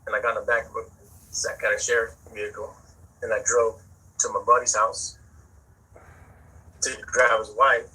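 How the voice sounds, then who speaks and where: Husky man with a sharp, bright voice. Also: medium pitch, low-quality recording. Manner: profane, rambling, repeats words while searching. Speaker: interviewee. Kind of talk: casual spoken storytelling.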